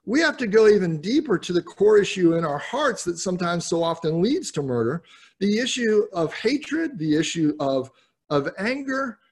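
A man's voice: fairly high pitch, a little mellow, husky. A man giving an earnest, explanatory Bible teaching in sermon style, often repeating words as he restarts sentences. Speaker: pastor teaching scripture.

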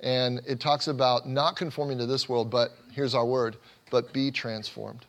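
A man's voice: medium pitch, level tone, moderate pace. An earnest male pastor delivering a sermon in an ordinary mid-range voice. He drives his points home with repeated phrases and often restarts a word before pressing on. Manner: earnest, emphatic repetition with frequent restarts.

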